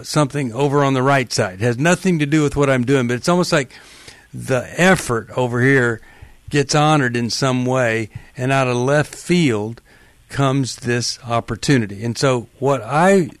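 A man's voice: mid-range voice, no echo. Earnest male radio host, dry sound. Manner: earnest, emphatic, empathetic. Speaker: radio talk show host. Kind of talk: call-in advice radio.

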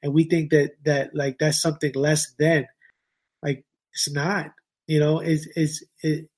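A man's voice: a little high, little pitch movement, unhurried, a little mellow, husky. A man talking as a podcast guest in casual slang, repeating points for emphasis. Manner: informal slang, emphatic repetition. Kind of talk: casual chat.

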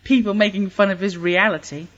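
A woman's voice: medium pitch, fairly quick. A woman chatting on a podcast in a dry, teasing way. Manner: dry, teasing, lively banter. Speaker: podcast guest. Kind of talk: casual chat. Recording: dull lo-fi podcast audio.

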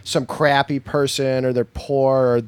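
A man's voice: medium pitch, flat delivery, a little slow, clean tone, no room sound. A man co-hosting a podcast in casual chat, blunt and jokey, laughing often. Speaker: podcast co-host.

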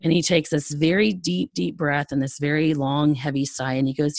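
Middle-aged woman, podcast guest, lowish voice, dry close sound; animated storyteller who laughs a lot. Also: moderate pace, gravelly, few pauses, no echo. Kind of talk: storytelling in a conversational interview.

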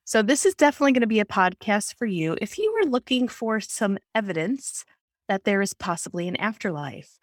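A woman's voice: mid-range voice, no echo, studio quality. A woman hosting a spiritual podcast interview, talking in an enthusiastic, chatty way. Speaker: podcast host.

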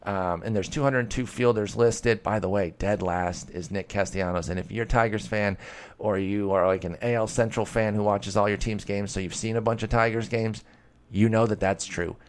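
A man's voice: fairly low pitch, steady tone, moderate pace, clean tone. A man hosting a casual solo podcast, answering listener questions in a rambling, self-deprecating way with bits of mock-heated sarcasm.

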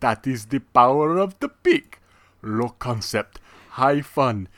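A podcast host voicing a male vampire count, welcoming listeners in a slow, grandly drawn-out manner. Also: mid-range voice, lively intonation, fairly bright tone, no room sound. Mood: theatrical. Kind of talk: podcast intro.

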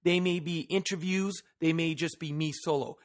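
A man hosts a solo motivational podcast, talking straight into his microphone with earnest emphasis. His voice sits a little high for a man. He poses one rhetorical question after another to the listener. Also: fairly even intonation, normal speed. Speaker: podcast host.

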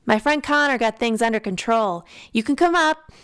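A woman's voice: on the high side, normal speed, fairly bright tone, clear, resonant tone, pitched above the performer's own voice, close to an everyday voice. A woman reading aloud, voicing a charming, talkative young man who keeps asking prying questions. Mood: eager.

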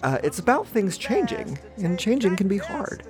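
A man's voice: high voice, sing-song, moderate pace. A man hosting a children's audio show, friendly and encouraging, speaking straight to the young listeners. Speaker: host.

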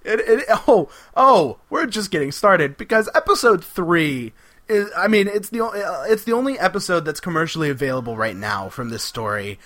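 Lively, bright-voiced man on a podcast. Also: a little high. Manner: animated, laughing, acting out quotes. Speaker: podcast co-host. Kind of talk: casual podcast chat.

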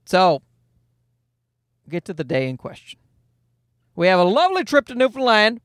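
Animated, profane man hosting a podcast. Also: high-pitched, moderate pace, no room sound. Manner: animated, profane, self-mocking. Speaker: podcast host. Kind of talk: casual solo podcast storytelling.

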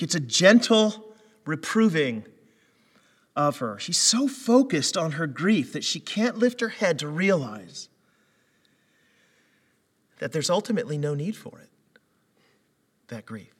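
Middle-aged male pastor, sermon delivery, bright forceful tone, slightly high, reverberant hall sound. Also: sing-song, measured pace, pauses often, slightly rough. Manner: storytelling, rising to loud emphatic preaching.

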